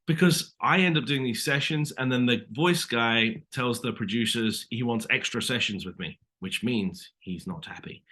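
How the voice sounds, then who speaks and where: A British man with a bright, forceful voice tells stories as an interview guest, talking loosely and filling gaps with little asides. He speaks over a video call. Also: mid-range voice. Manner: chatty, lots of "you know" asides. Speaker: actor guest. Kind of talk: casual interview storytelling.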